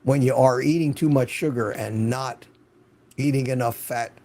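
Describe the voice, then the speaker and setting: A man's voice: medium pitch, steady tone, normal speed, dark tone. An older man hosting a live stream, chatting casually, greeting viewers by name and repeating words for stress. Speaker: host. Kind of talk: casual livestream chat.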